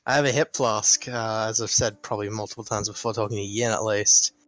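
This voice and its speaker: A man's voice: lowish voice, steady tone, a little fast, a bit bright, dry recording, rough recording. A young man from Australia telling stories in casual, profane chat over an online voice call. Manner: profane, rambling storyteller. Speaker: podcast co-host.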